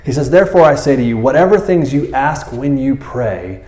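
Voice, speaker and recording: A man's voice: mid-range voice, lively intonation, moderate pace, a little mellow, echoey room. A man preaching a casual, conversational sermon, acting out quoted voices as he goes. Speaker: pastor.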